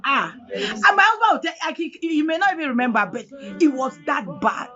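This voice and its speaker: A woman from Cameroon with a Cameroonian English accent, giving an emotional personal testimony in a dramatic, animated way, often near tears. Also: high-pitched, a little fast. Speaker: guest telling her story. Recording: dull lo-fi audio with faint music.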